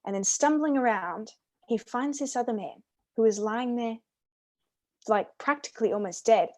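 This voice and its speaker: A woman's voice: fairly high pitch, normal speed, darkish tone. Australian woman, earnest enthusiastic co-host, casual faith talk. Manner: earnest, enthusiastic, repeats words. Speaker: podcast co-host.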